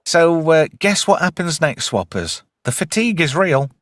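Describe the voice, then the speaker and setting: Animated man recapping a show. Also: fairly high pitch, moderate pace, no room sound, clean studio sound. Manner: animated, swears freely, recaps episodes with acted quotes. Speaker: podcast host. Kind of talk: casual chat.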